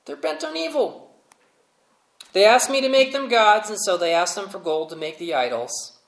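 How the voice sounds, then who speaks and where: A man voicing Aaron as an excuse-making older brother, in a shrill, self-justifying tone, with a roomy church echo. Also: expressive, normal speed, creaky. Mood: defensive.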